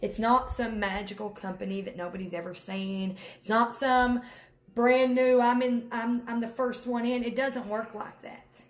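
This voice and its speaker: Emphatic high-voiced woman, echoey room. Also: steady tone, moderate pace. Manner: emphatic and preachy, calls viewers honey and y'all. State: near tears at times. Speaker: network marketing vlogger. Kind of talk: direct-to-camera pep talk.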